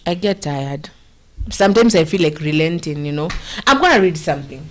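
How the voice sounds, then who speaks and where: A woman's voice: low voice, expressive, brisk. A woman with a Kenyan accent hosting a show, giving earnest, rambling political commentary and slipping Swahili slang into her English.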